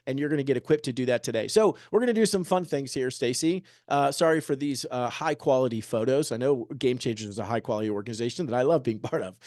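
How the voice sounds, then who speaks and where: A man in his thirties, a real estate agent giving an energetic, joking motivational talk and peppering the room with rhetorical questions. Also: mid-range voice, fast, hardly any pauses, no room sound, studio quality. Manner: joking, upbeat. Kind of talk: motivational presentation to an audience.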